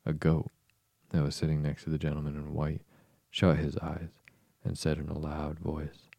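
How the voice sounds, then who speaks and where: Very deep, gravelly bedtime reader. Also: male voice, completely flat delivery, no echo. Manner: slow, soft, soothing reading. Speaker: podcast host, bedtime reader. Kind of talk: sleep story narration.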